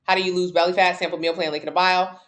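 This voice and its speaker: A woman's voice: fairly low pitch, rapid-fire. A woman fitness coach answering viewer questions on a casual livestream, blunt and sassy, swearing casually and pushing her voice up for emphasis. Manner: lively, swings in loudness for emphasis.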